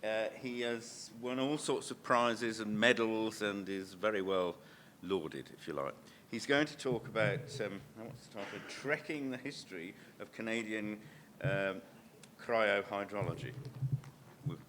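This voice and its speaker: A man chairing a session, introducing the next speaker with many pauses and fillers. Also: fairly low pitch, a bit bright, a little hiss or hum. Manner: hesitant, filler-heavy.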